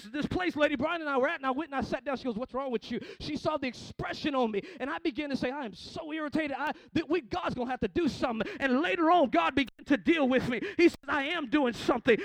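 A male pastor preaching a sermon, calling out to the congregation and swinging from hushed storytelling to shouting. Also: extremely high pitch, vocal fry.

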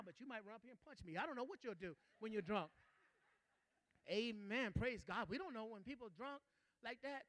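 High bright preacher guy, aave, gets loud and repeats himself, dry sound. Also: no echo. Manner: rising to shouts, repeats phrases, calls out to the congregation. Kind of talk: sermon.

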